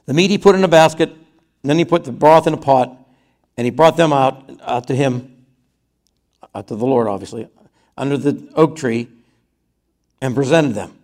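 A man's voice: medium pitch, normal speed, long pauses, darkish tone. A man preaching a conversational sermon, reading scripture aloud and then retelling it in his own words.

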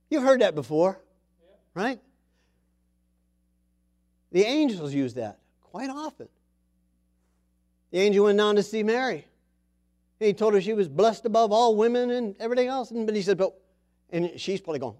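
A middle-aged man preaching a sermon, with sudden loud bursts, soft drops, and scripture read slowly aloud. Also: sits high, expressive.

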